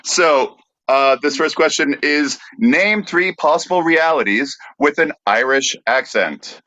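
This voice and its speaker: A man's voice: a little high, unhurried, bright, forceful tone, no echo. A man co-hosting a comedy podcast, reading out quiz questions in a dry, matter-of-fact way. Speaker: podcast co-host asking questions. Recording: dry, dull lo-fi sound.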